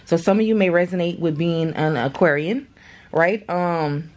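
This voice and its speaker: A woman's voice: on the low side, moderate pace, a little mellow. Slangy, chatty woman reading tarot. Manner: chatty, slangy, swearing, talks straight to viewers. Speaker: tarot reader. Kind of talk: casual tarot reading vlog.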